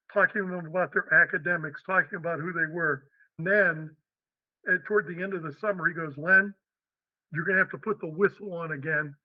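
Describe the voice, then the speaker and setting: A man's voice: high-pitched, no echo, narrow, tinny audio. Older storyteller man from Western Pennsylvania. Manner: animated, acts out quotes. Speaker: podcast guest. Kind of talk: storytelling interview.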